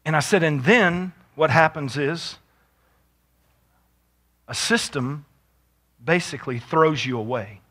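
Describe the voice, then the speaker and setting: A man preaching a sermon as pastor, moving from quiet storytelling to shouted exhortation. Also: on the high side, slow, pauses often.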